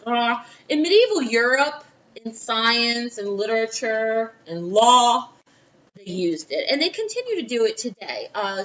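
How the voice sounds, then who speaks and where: Casting: chatty New Orleans woman teacher, slightly high, muffled lo-fi recording. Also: fairly bright tone, distant mic. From Louisiana, USA. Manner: chatty, with asides and quoted voices. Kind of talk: recorded history lesson for a class.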